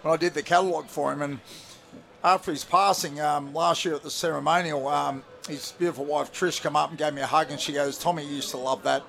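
Aussie bloke, ex footy player, gravelly voice, bit high, chatty and laid-back. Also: male voice, fairly even intonation, a little fast, fairly bright tone. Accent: Australian. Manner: laid-back, chatty, lots of fillers and restarts. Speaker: rugby league commentator, studio guest. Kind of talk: casual radio chat.

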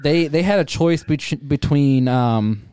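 A man's voice: fairly high pitch, unhurried, mellow, smooth, no echo. Thirties guy, profane rambling haunt storyteller, clean dry sound. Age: 30s. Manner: rambling, profane, lots of fillers and restarts. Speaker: haunted attraction actor. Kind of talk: casual storytelling interview.

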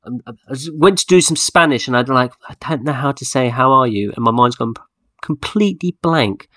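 A man's voice: mid-range voice, lively intonation, fairly quick, fairly bright tone, no echo, clean studio sound. Jokey male podcast host. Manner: jokey, playful. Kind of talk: casual chat.

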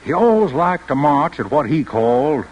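A man's voice: fairly high pitch, sing-song, normal speed, dull audio, a little hiss or hum. An actor playing an old grandfather and war veteran telling stories to his grandson in a radio play. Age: older. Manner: fond storytelling, chuckling. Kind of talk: 1940s radio acting.

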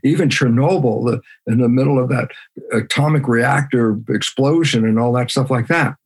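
A man's voice: mid-range voice, moderate pace, slightly rough. A man being interviewed as a guest biologist, talking emphatically and animatedly. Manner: emphatic, acts out his own side of conversations.

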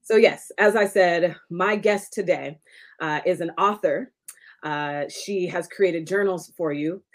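A woman's voice: fairly low pitch, slow. A woman hosting her own podcast, upbeat and chatty, laughing often as she talks with a guest. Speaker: podcast host and coach. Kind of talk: casual interview chat.

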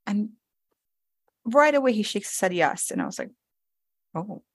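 A woman's voice: medium pitch, big pitch swings, moderate pace, no room sound. A woman in her thirties, a podcast co-host, chatting candidly and telling stories about her children. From New York. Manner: candid, storytelling, acts out her kids' lines. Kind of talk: casual chat.

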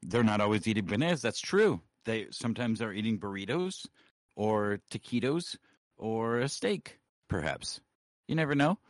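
A man's voice: lowish voice, expressive, moderate pace, no echo. A man co-hosting a podcast, crude, rambling and self-mocking, talking on a close mic. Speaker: co-host. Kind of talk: casual podcast banter.

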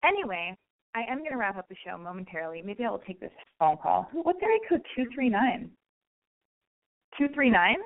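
A young woman hosts a casual call-in show, rambling from one thought to the next with blunt jokes and plenty of swearing. Her voice sits at an ordinary middle pitch for a woman. The sound is thin and narrow, like a phone line. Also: very animated, a little fast. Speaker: radio call-in host.

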